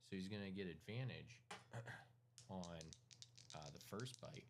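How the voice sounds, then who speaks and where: A man narrating as game master, calling dice rolls in a casual, halting way with many fillers. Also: low voice, gravelly, very noisy.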